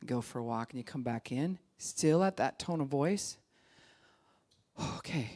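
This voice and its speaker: This woman pastor has a very deep voice and speaks at a measured pace. Her sermon is conversational and animated; she performs the voices of those she quotes and occasionally sinks into a hushed calm.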